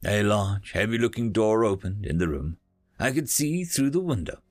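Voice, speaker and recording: A man narrating a first-person science fiction story with an expressive, lively delivery. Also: on the low side, moderate pace, no echo, clean studio sound. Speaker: audiobook narrator.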